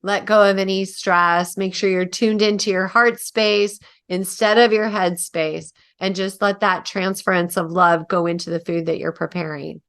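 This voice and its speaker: A woman hosts a casual talk show, enthusiastic and quick to affirm what her guest says. She sums up the takeaways warmly and moves the conversation along. Her voice sits at an ordinary middle pitch. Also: steady tone. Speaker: host. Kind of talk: casual chat.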